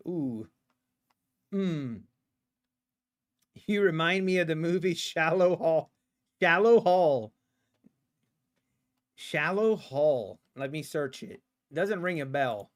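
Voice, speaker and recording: A man streaming his day trading live, chatting casually and talking to the market in a playful, sarcastic way, laughing often. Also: high voice. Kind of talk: casual livestream commentary.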